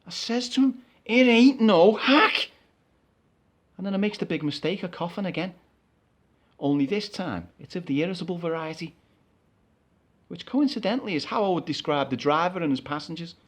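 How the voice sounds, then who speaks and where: A man's voice: on the high side, lively intonation, fairly quick. A man performing a comic stage monologue as a chatty, exasperated storyteller. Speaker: actor.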